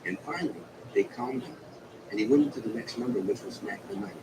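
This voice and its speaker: A man, an entertainer, telling a long anecdote about a night on tour in a slow, vivid way. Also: lowish voice, recorded from a distance, noisy background. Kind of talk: storytelling anecdote.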